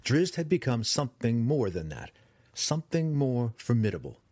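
A man narrating a fantasy audiobook in a dramatic, expressive reading style, close to the mic. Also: medium pitch, moderate pace, dry recording.

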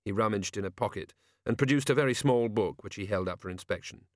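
A man reading a novel aloud in steady, wry scripted narration. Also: on the low side, fast talker, no room sound, clean studio sound. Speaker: audiobook narrator.

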